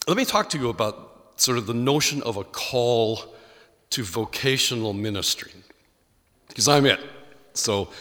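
Irish pastor preaching in a reverberant hall. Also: male voice, medium pitch. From Ireland. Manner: animated storyteller acting out quoted voices. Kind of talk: sermon storytelling.

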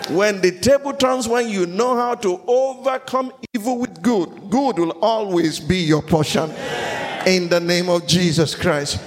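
A man preaching a sermon and telling stories, rising now and then to loud shouted peaks. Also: sits high, a little slow, long reverb tail, faint music behind. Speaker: pastor.

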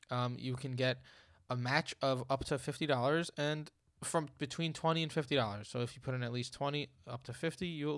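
A man's voice: mid-range voice, sharp tone, no room sound, studio quality. A man hosting a fantasy sports podcast, chatting casually and joking between ad reads. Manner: playful, jokey, quick asides. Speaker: podcast host.

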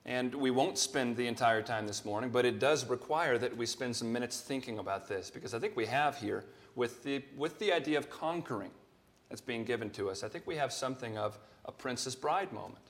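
A man's voice: medium pitch, animated, brisk. Man preaching an earnest sermon. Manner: earnest preaching, rising in emphasis on quoted scripture. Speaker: pastor.

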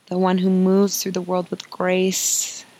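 A woman's voice: lowish voice, completely flat delivery, takes it slowly, a little mellow, rough recording. A woman hosting a podcast as an emotional healing coach, talking in an earnest, confiding way and repeating phrases for emphasis.

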